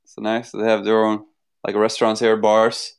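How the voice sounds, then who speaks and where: A man from Sweden speaking English as a second language, in a casual chat among hobby gamers. His voice is smooth and clear, and he tells his stories in a relaxed way. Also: lowish voice, moderate pace. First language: Swedish. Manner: relaxed storytelling. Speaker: tabletop wargamer.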